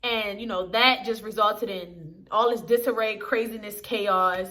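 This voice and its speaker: A woman's voice: mid-range voice, steady tone, unhurried, pushed and bright. A young woman reviewing a TV episode in casual chat to camera, talking straight to her viewers in a slangy, chatty way.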